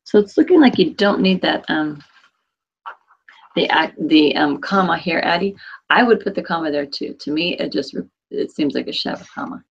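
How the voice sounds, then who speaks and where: A woman's voice: low voice, animated, normal speed, creaky, husky, lo-fi sound. A woman teaching a Spanish class online, patiently correcting her students by name. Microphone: computer mic on a video call.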